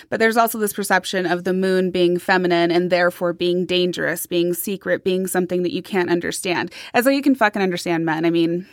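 A woman's voice: on the low side, fairly bright tone, dry recording. Casting: young woman podcast co-host, outspoken and swearing freely, dry close sound. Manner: emphatic, profane, talks in bursts with fillers. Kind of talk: casual chat.

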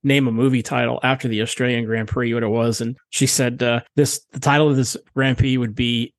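A man's voice: mid-range voice, level tone, a little fast, no room sound. A man co-hosting a casual podcast, rambling and opinionated, swearing often. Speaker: podcast co-host. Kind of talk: casual chat.

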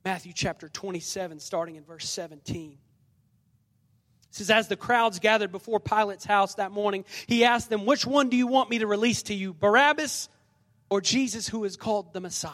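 High-voiced preacher in a reverberant hall. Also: male voice, fairly bright tone. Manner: preaching with call-and-response and dramatic scripture reading. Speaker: pastor. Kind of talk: sermon. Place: church sanctuary. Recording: long reverb of a large hall.

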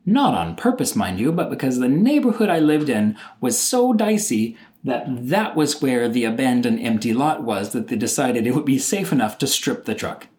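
A middle-aged man recounts a story from his own life, his voice swinging widely in pitch as he goes. He sounds exasperated and animated, and he now and then slips into impressions of the people involved. He speaks at a moderate, mid-range pitch. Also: moderate pace, few pauses. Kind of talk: personal storytelling monologue.

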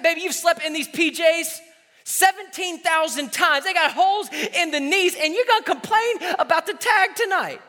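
A man's voice: extremely high pitch, moderate pace, sharp tone. A man in his thirties preaching a sermon, exhorting his listeners and acting out the voices in the stories he tells. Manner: exhorting, call-and-response, acts out quoted voices. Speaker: pastor. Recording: reverberant hall.

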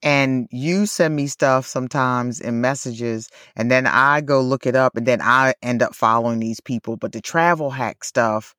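A woman's voice: a bass voice, normal speed, few pauses, a bit bright, dry recording, studio quality. A woman co-hosting a podcast in casual chat, full of "like" and "you know", laughing often. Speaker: podcast co-host.

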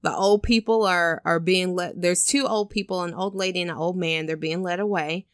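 A woman's voice: lowish voice, normal speed, clear, resonant tone, no echo, studio quality. A woman on a casual podcast, animatedly retelling a film scene by scene, swearing and acting out what people said. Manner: animated storytelling with swearing and acted-out quotes. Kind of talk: casual chat.

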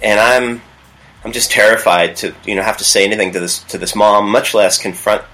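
Low-voiced man telling a story, halting. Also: fairly even intonation, bright, forceful tone, low-quality recording. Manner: halting, with frequent restarts and fillers. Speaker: youth pastor. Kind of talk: casual storytelling interview.

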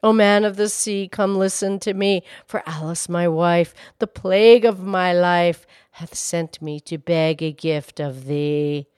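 A woman's voice: fairly low pitch, steady tone, a little slow, hardly any pauses, a little mellow, clean tone, dry recording, clean studio sound, pitched below the performer's own voice, close to an everyday voice. A woman doing a timid pleading fisherman. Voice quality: fearful, pleading.

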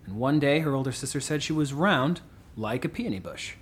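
A man's voice: mid-range voice, expressive, brisk, natural voice. An actor playing an earnest young man who likes to explain family history and traditions. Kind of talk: audio drama.

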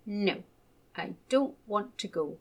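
A woman's voice: mid-range voice, lively intonation, takes it slowly, creaky, heavily acted. A woman voicing a shy, stubborn little boy in a children's storybook, sulky and refusing.

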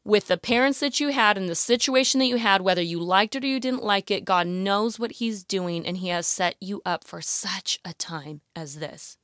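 Woman host, casual Bible teaching, animated and heartfelt, dry close sound. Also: mid-range voice, normal speed, few pauses, no echo. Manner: animated and emotional, often saying "you guys" and "like, literally". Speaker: Bible teacher addressing women listeners.

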